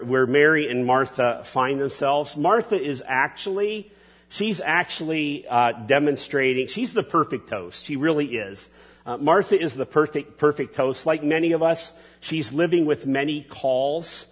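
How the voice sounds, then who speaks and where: A man preaching a sermon as pastor, halting and restarting often, with folksy asides to the congregation. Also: on the high side, in a large hall.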